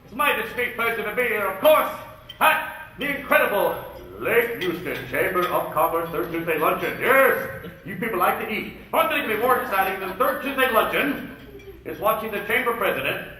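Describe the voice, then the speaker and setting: A man working as a comic emcee at a luncheon, firing off rapid jokes and slipping in and out of impressions. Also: sits high, very animated, pushed and bright. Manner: rapid-fire jokes and impressions, jumping in and out of voices. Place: luncheon event hall. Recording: echoey hall, far from the mic.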